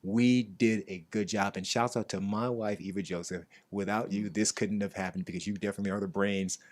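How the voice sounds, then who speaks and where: A middle-aged man with a low-pitched voice hosts a relaxed talk show. He speaks casually, then grows lively and energetic when he gives shout-outs. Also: fairly quick. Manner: animated, hyped during shout-outs. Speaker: show host. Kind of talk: casual interview chat.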